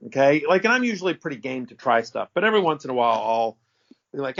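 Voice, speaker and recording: A man's voice: medium pitch, fast talker, creaky. A middle-aged man telling a story in a casual interview, rambling, restarting sentences and swearing now and then. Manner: animated, rambling, self-correcting, profane. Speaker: interview guest. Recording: dull lo-fi audio.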